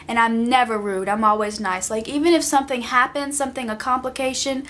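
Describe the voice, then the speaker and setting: A woman's voice: a little high, fairly quick, hardly any pauses, fairly bright tone. A young woman vlogger ranting casually, exasperated and emphatic, often repeating herself for effect. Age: young adult.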